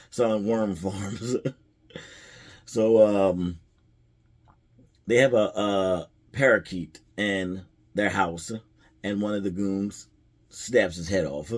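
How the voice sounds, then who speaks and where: A man's voice: fairly low pitch, a little mellow. A man casually retelling a movie's plot in a rambling way, chuckling at the jokes as a film reviewer.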